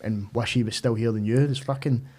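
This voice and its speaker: A man's voice: mid-range voice, fairly even intonation, fairly quick, a little mellow. A man, a comedian guest in casual chat, blunt and sweary, calling the other man mate.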